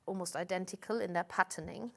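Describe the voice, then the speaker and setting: A woman's voice: on the low side, fairly even intonation, fast, creaky, a crowd in the background. A woman demonstrating a craft on a live shopping-channel show in a TV studio. She explains each step patiently, with frequent "um"s and restarts.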